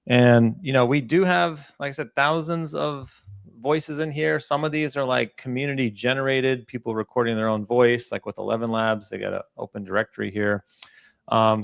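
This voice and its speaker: Gravelly-voiced man hosting a demo. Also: medium pitch, moderate pace, dry recording, clean studio sound. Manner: relaxed, chatty, many fillers. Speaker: host presenting a product demo. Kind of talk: casual live demo talk.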